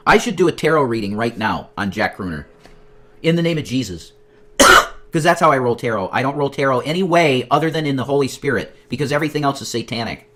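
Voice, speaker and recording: A man talks at a medium pitch in a loose, rambling livestream chat. He swears constantly, gets worked up, then drops to muttered asides under his breath. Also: fairly quick. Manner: profane, excitable, nostalgic rambling; swings between loud outbursts and muttered asides. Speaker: streamer.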